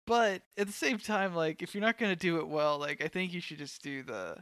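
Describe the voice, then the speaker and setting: A man co-hosting a podcast, talking through a film in a relaxed, thoughtful way with plenty of "like" fillers. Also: on the high side, brisk, no room sound, clean studio sound. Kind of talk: casual movie discussion.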